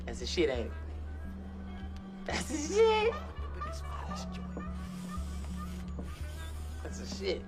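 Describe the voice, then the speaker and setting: A brash stoner buddy. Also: male voice, sits high, huge pitch swings, measured pace, soft background music, full character voice. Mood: boastful. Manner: loud, brash street slang. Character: fast-talking young male stoner buddy, pushy.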